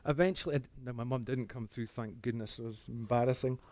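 A man telling a personal faith testimony, earnest, dropping to a hush and then rising again. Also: medium pitch, quick pace, background noise. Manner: earnest storytelling that swings between hushed and animated. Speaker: speaker giving a testimony.

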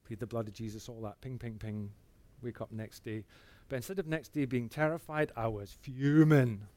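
A man telling a personal faith testimony, earnest, dropping to a hush and then rising again. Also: mid-range voice, normal speed, dry recording. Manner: earnest storytelling that swings between hushed and animated. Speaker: speaker giving a testimony.

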